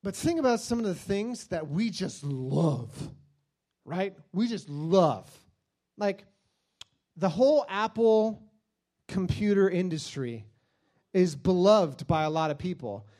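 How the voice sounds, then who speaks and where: A man's voice: high voice, takes it slowly. A man preaching a sermon in a jokey, conversational way, telling stories with silly acted-out voices. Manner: animated storytelling, acts out silly voices.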